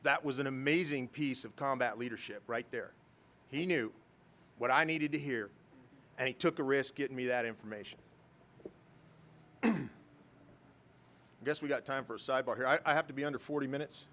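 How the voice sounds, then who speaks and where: A man's voice: medium pitch, moderate pace, long pauses, pushed and bright, slight background noise. A middle-aged man, a military pilot, giving a storytelling speech at a ceremony with self-deprecating humor and chuckles. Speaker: guest speaker, military pilot.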